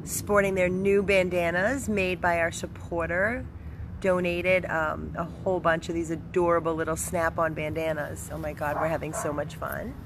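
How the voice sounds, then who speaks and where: Brief: woman rescue volunteer, low-pitched and gushing, affectionate casual talk, recorded outdoors with clear background noise. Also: flat delivery, moderate pace. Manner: gushing, affectionate, switches into high baby talk for the dogs. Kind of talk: casual video narration with pet talk.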